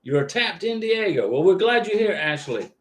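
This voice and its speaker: His high-pitched, sing-song voice moves at a normal speed as he hosts a visa advice live stream from a home studio with lights. He reassures viewers casually as he answers them, often checking in with "okay?".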